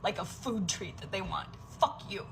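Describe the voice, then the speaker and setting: A working mother from the United States, venting in an angry, profane, emotional vlog rant that sometimes drops into a breathy whisper. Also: mid-range voice, expressive, normal speed, over music, poor audio.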